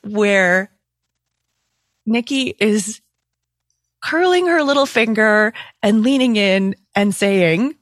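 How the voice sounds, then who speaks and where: A woman hosting a podcast interview, enthusiastic and quick to laugh. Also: medium pitch, lively intonation, dry recording. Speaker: podcast host. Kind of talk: casual interview chat.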